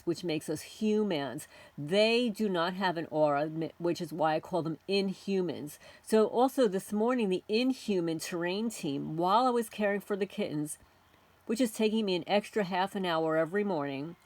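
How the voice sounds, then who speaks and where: A woman's voice: medium pitch, darkish tone, dry recording. A middle-aged woman hosting a homesteading channel, delivering an indignant, confrontational rant aimed at unseen tormentors. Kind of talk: ranting monologue to camera.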